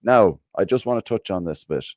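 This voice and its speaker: A man with a low voice hosts a football fan podcast, chatting loosely and swearing as he goes. His sound is close and dry, with no room around it. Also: animated, a little fast, a little mellow, no room sound. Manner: swears freely, reads listener comments aloud. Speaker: podcast host. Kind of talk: casual podcast chat.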